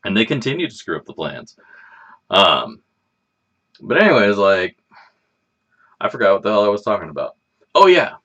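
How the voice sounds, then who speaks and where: Hosting a casual livestream, this lowish-voiced man wanders between ideas at a moderate pace, pausing often. His pitch swings up and down, he swears freely and stays relaxed, and the recording's highs are cut off.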